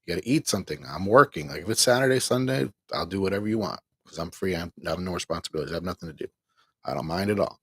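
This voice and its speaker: A middle-aged man vents on his livestream in a tired, exasperated voice and laughs ruefully as he goes. His voice sits very low and sounds husky. The mic is close and the sound is dry. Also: rapid-fire, no room sound. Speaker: livestream host. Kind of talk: venting on a livestream, reading chat.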